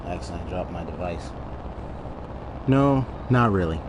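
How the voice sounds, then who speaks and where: A man streaming a game live, making relaxed, joking asides as he plays. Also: low-pitched, normal speed, background noise. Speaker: gaming streamer. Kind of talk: casual live gameplay commentary.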